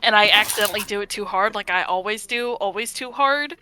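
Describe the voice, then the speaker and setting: Female player, bright crisp voice, animated and casual. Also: medium pitch. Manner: animated, laughing, quick asides. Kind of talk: casual tabletop role-play.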